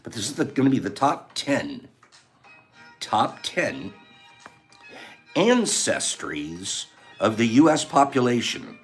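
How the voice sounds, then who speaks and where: Lively, chatty male livestream host. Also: medium pitch, slow, long pauses. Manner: chatty, reads out and answers viewer comments. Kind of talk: casual livestream chat. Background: faint background music.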